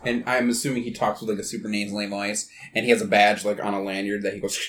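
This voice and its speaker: Male player, low voice, halting, faint room noise. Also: flat delivery, a bit bright. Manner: halting, restarts often. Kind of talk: tabletop role-play chat.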